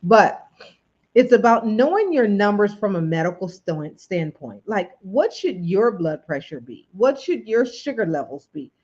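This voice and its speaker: A woman's voice: mid-range voice, very animated, unhurried, a little mellow. A woman hosting a late-night livestream, talking to viewers in a preachy, questioning way. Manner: preachy, asks the audience questions, greets viewers. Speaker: livestream host. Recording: dull lo-fi stream audio.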